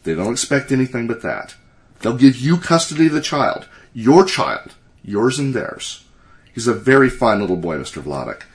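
A man voicing a male doctor who speaks in a calm, measured, assured way. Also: mid-range voice, voice pushed up, lightly acted.

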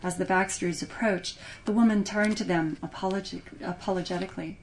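Expressive woman narrating a story. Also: fairly low pitch, fairly quick, few pauses. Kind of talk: audiobook narration.

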